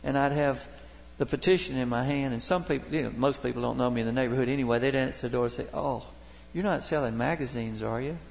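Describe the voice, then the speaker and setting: A Baptist pastor preaching a sermon, telling folksy, humorous stories from daily life. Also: male voice, mid-range voice, fairly even intonation, fast, creaky, few pauses, darkish tone, a little hiss or hum. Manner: folksy storytelling, homespun humor. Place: church sanctuary. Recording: long reverb of a church hall.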